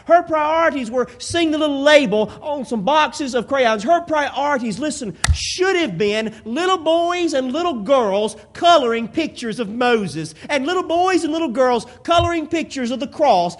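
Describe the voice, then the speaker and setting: A man preaching a sermon as pastor, repeating phrases and building into drawn-out, impassioned declarations. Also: very high-pitched.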